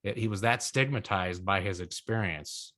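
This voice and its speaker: A middle-aged man, son of a survivor, answering questions in an online talk in an earnest, measured, reflective way. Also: fairly low pitch, a bit bright. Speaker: guest speaker, son of a survivor.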